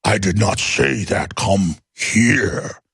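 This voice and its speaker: A man voicing a menacing old male vampire count in a slow, hypnotic, commanding tone. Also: sits low, animated, fairly bright tone, slightly rough, no echo, studio quality, voice pushed down, exaggerated voice.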